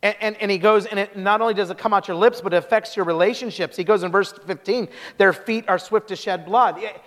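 Man, pastor, sermon, high voice, animated storytelling, reverberant hall. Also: fast talker.

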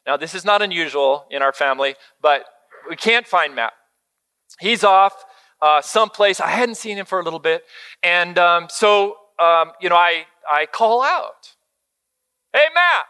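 A man's voice: sits high, normal speed, bright, forceful tone, smooth. A middle-aged male pastor giving a conversational sermon, chatty, with frequent fillers and direct questions to the audience.

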